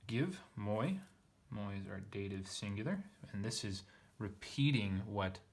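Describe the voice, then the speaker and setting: A Greek teacher with a fairly low voice and lively intonation reads through a text line by line in a casual lesson, at a measured pace. He thinks aloud, often using fillers and correcting himself.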